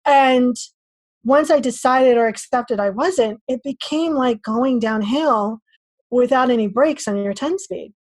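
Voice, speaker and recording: A woman guest on a podcast, telling a story in a lively way and acting out her own thoughts. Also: on the high side, a little slow, dry recording. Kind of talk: casual interview talk.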